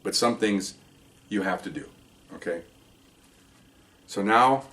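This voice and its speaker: Slow and low-voiced, with long pauses, an older man is recorded from a distance. Once a police officer, he rambles through an animated, casual story, checking in with "okay?" over and over.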